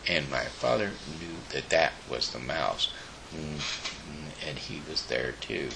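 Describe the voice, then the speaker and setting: A man reads a children's storybook aloud, haltingly and with small slips. His very low voice is gravelly yet bright, and it moves widely in pitch. He takes his time, and a faint hiss sits under the recording. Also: expressive, low-quality recording. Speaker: show host.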